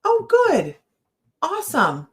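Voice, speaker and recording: A woman's voice: very high voice, huge pitch swings, slow. A woman psychic hosting a casual livestream chat, telling a rambling story and laughing often. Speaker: psychic and certified hypnotist.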